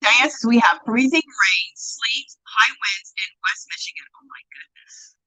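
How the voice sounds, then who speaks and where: Over a low-quality recording, a livestream host speaks in a fairly high, unhurried voice as she crafts with yarn. She chats animatedly, reads viewer comments aloud, greets people by name, and bursts into gushing exclamations.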